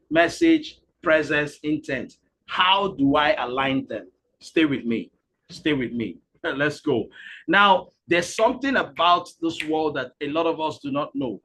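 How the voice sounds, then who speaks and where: A man hosting a live webinar, energetic and repetitive, urging the audience to type into the comments. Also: fairly high pitch, slight background noise. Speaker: webinar host and speaker.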